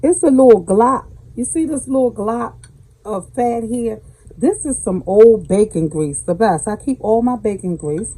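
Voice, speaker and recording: A Southern American woman talks viewers through a recipe in her home kitchen, chatty and emphatic, calling them baby. Her voice sits a touch high but sounds mellow and soft, with a husky edge. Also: animated, unhurried, rough recording. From Southern United States. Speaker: cooking channel host. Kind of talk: casual cooking tutorial.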